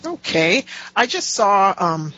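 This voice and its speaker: A woman on a casual chat panel, easygoing and quick to laugh. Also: mid-range voice, big pitch swings, fairly bright tone. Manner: giggly, easygoing. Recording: dull lo-fi audio.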